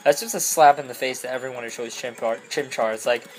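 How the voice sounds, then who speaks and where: A young woman giving goofy, rambling commentary over a video game, often breaking into loud squeals and silly voices. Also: extremely low pitch, quick pace, rough recording. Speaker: let's play commentator.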